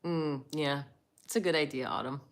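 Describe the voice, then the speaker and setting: A woman's voice: low voice, fairly even intonation, moderate pace. A woman hosting a casual live chat, greeting viewers by name and laughing often as she talks. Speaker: livestream host.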